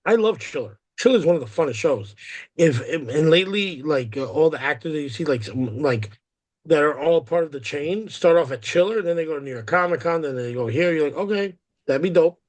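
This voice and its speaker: A man's voice: a little high, lively intonation, brisk. A man hosting a comics podcast, chatting in a rambling, enthusiastic way and swearing casually. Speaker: podcast host. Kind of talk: casual chat.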